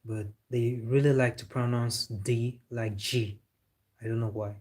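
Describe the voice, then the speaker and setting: A man's voice: medium pitch, steady tone, a little slow, a little mellow. A man hosting a live football reaction stream, chatting casually and answering viewers with strong opinions. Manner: opinionated, replying to chat.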